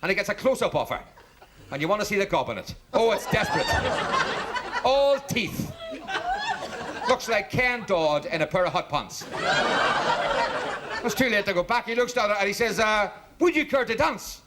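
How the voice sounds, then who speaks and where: A man's voice: sits high, moderate pace, long pauses. A man telling jokes on stage as a stand-up comedian, acting out each character in his stories. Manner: punchy storyteller, animated quoting of characters. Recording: 1970s TV stage recording with audience laughter and hiss.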